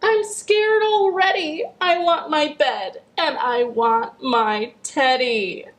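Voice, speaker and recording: Woman doing a squeaky scared little boy. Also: expressive, slow, a bit bright. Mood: frightened. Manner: squeaky, frightened cries. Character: scared little boy lost in dark woods. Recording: echoey living room.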